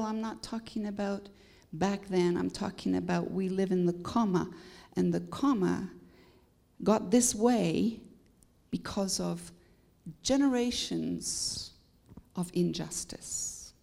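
A woman's voice: mid-range voice, slow pace, gravelly, dark tone. A woman from Canada with a Canadian accent, a guest preacher delivering a sermon with emphatic rising peaks and bits of humor.

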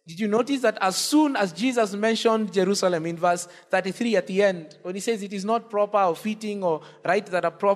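Man, pastor, high-pitched, impassioned sermon, long church reverb. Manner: impassioned preaching, rising on repeated cries.

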